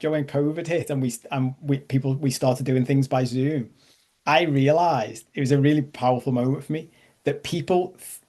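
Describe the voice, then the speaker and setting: A man's voice: fairly high pitch, darkish tone. A man leading a live online coaching masterclass, chatty and self-deprecating, checking in with his audience. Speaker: life coach.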